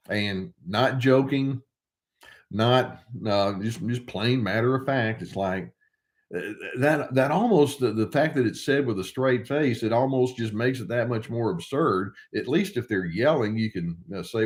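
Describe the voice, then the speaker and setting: A man's voice: medium pitch, unhurried. An older man, a therapist, talking casually and wryly to the camera while he thinks aloud. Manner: wry, conversational, thinking aloud.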